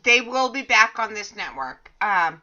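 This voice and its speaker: A woman hosting a casual radio chat, halting with many ums as she reads out listener questions. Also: mid-range voice, sing-song, pushed and bright. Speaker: radio host. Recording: muffled, lo-fi.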